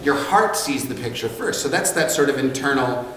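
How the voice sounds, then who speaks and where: A male voice actor with a mid-range voice and lively intonation tells jokey stories at a moderate pace during a convention panel, laughing often and acting out voices. He's recorded from far off in a large, echoey convention hall, with crowd ambience and noisy background.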